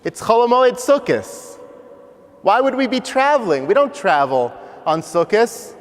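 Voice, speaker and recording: A man's voice: extremely high pitch, sing-song, a little slow, voice pushed up, heavily acted. A man doing a pleading little boy. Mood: pleading, confused. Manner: rising, urgent questioning. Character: bewildered, pleading eight-year-old boy. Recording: long hall reverb.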